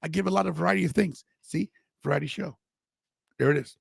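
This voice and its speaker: A male podcast host tells a story in loose, rambling casual chat, circling back and restarting his sentences. His voice sits a little high for a man and has a gravelly edge. The sound is close and dry. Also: fast, dry recording.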